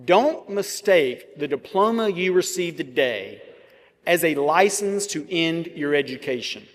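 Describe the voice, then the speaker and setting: A man, giving a commencement address with measured oratory, dramatic pauses and vivid storytelling. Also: fairly high pitch, expressive. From Georgia, US. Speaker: commencement speaker. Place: large ceremony venue. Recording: long reverb of a large venue.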